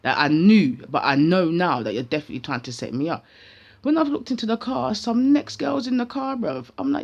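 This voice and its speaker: A woman with a British accent full of London street slang, telling a personal story in an animated, casual vlog. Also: on the low side, a little fast, gravelly, lo-fi sound.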